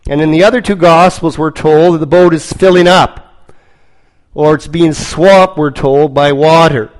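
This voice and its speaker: A man preaching a sermon, telling a story slowly and dramatically, with lots of repetition. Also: a little high, fairly even intonation, low-quality recording.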